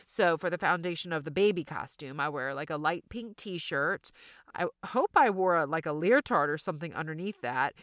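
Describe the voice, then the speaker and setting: A middle-aged woman with a Southern accent tells a personal story on her podcast, chatty and self-deprecating. Her voice sits a little low yet sounds bright. The recording is dry and close. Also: expressive, moderate pace, no echo. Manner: chatty, self-deprecating, addresses listeners as y'all. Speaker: podcast host.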